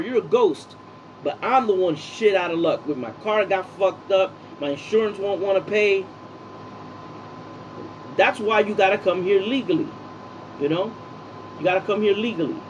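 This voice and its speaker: A man's voice: high voice, a little hiss or hum, low-quality recording. A man from Puerto Rico giving a heated, profane opinion rant in his vlog, repeating himself as he argues. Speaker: political vlogger.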